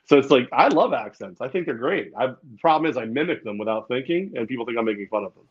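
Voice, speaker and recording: A man's voice: medium pitch, lively intonation, fast talker, breathy edge. Man with a dull lo-fi sound. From New York State, outside the city. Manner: rambling, hesitant, laughs often. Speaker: co-host. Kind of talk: casual sports chat.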